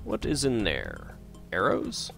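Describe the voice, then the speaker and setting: A man's voice: on the low side, huge pitch swings, takes it slowly, gravelly, fairly bright tone, faint music behind. Man musing through a game. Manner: musing, hesitant, lots of uhs. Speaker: let's player. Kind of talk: casual gameplay commentary.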